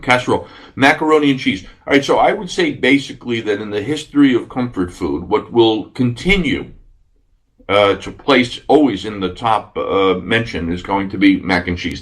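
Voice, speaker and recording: A man's voice: on the low side, expressive, normal speed, fairly bright tone. A man hosting a radio podcast, chatting casually and enthusiastically, rambling with many fillers. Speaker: radio host. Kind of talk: casual solo podcast talk.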